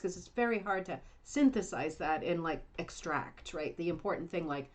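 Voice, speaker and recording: A woman's voice: on the low side, animated, normal speed. A middle-aged woman hosting a casual livestream chat from home, chatty, rambling and self-deprecating. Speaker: livestream host. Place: home, Indiana.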